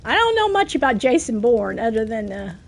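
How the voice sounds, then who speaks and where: A woman with a Southern US accent, chatting casually while streaming a game, getting over a cough, self-deprecating and quick to laugh. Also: on the high side, very animated, vocal fry. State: coughing from a cold.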